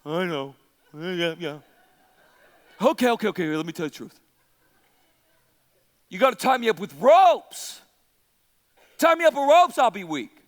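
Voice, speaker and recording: Brash strongman braggart, dropped low, played by a man. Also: sing-song, normal speed, long pauses, in a large hall. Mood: careless. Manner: brash, casual slangy swagger. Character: cocky bragging strongman Samson, adult man.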